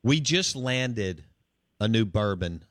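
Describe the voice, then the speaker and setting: A man's voice: fairly low pitch, takes it slowly, dry recording, studio quality. A man hosting a sports radio show, chatting casually with lots of fillers. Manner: relaxed and chatty, with many fillers.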